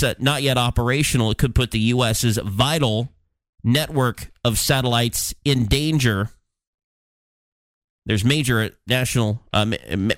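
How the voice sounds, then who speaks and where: Running through the day's headlines on his talk show, this podcast host comments sarcastically and bluntly, filling gaps with frequent fillers. The sound is clean studio audio without echo, and his voice sits in the mid range.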